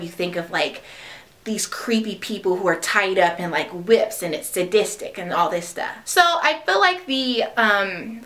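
A woman's voice: medium pitch, fairly bright tone. A young adult woman giving a casual, chatty movie review with lots of fillers. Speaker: vlogger.

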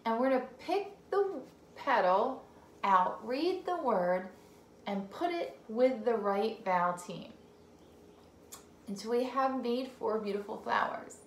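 A woman teacher leading a phonics game for young children, sounding out words slowly, repeating them and praising the child between turns. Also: on the high side, animated, echoey room, a little hiss or hum. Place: home room.

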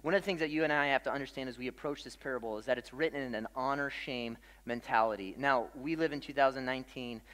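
A pastor preaching a sermon in a loose, conversational way, with casual fillers and dramatic pauses. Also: male voice, medium pitch, fairly bright tone, long reverb tail.

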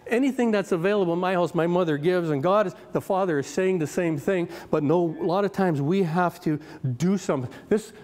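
A man's voice: high-pitched, a little fast, hardly any pauses, a little mellow, big-room sound. A man in his fifties preaching a sermon as a guest speaker, in a conversational, story-driven way with frequent restarts and repeated words. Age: 50s. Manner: conversational, anecdotal, with many restarts.

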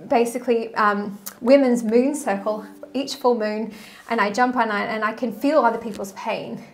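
A woman spiritual coach talking casually and effusively to her viewers, pulling cards and chatting about energy healing. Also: on the high side. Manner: animated and effusive, breaks into song.

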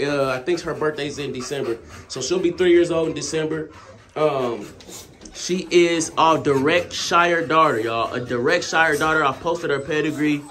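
With a fairly bright, somewhat high voice, a dog breeder chats casually with his viewers in a vlog, calling them y'all. He's laid-back and keeps breaking off mid-sentence to scold his dogs.

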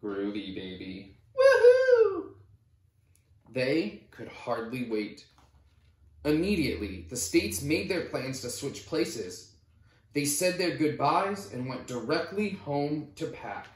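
Man, storybook reader, slow lively read-aloud, roomy echo. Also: fairly high pitch. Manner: animated storytelling.

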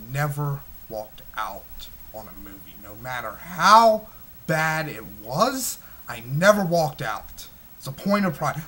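A man's voice: on the high side, pushed and bright, slight background noise. A man in his twenties reviewing a movie in an agitated, heavily profane rant, full of stumbling restarts. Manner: smoking while talking.

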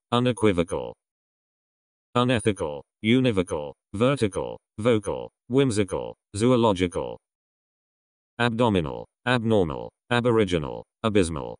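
A man's voice: lowish voice, no echo, clean studio sound. A man reading English vocabulary words aloud one at a time, in evenly spaced single words. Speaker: vocabulary reader. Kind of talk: reading word lists aloud.

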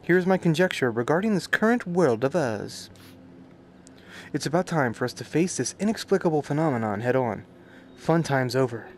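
A man's voice: on the high side, animated, normal speed, a little hiss or hum. A man streaming a game, reading its subtitles aloud and adding crude, joking commentary full of swearing. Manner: crude, joking, swears often, reacts loudly.

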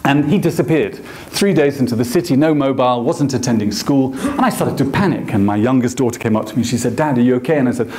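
A male photographer giving an anecdotal lecture, telling stories with animated acted quotes. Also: mid-range voice, quick pace, echoey room, slight background noise. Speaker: photographer and guest speaker. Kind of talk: storytelling lecture. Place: lecture hall.

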